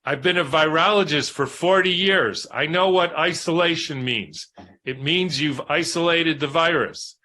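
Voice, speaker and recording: A man's voice: a little high, measured pace, pushed and bright. A man putting on a disbelieving veteran scientist. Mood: incredulous. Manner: disbelieving, questioning. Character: incredulous veteran male scientist.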